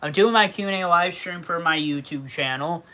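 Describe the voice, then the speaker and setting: A man in his twenties from Western New York, with a Western New York accent, hosting a casual livestream Q&A and talking loudly and cursing freely. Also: on the high side, normal speed. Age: 20s. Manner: loud, heavy casual cursing. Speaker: YouTube livestream host. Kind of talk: casual livestream Q&A, reading chat.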